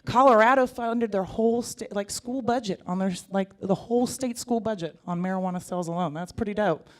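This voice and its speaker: A woman in her thirties performing a stand-up comedy set, animated and jokey, jumping into put-on voices. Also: mid-range voice, fairly quick. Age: 30s. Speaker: stand-up comic.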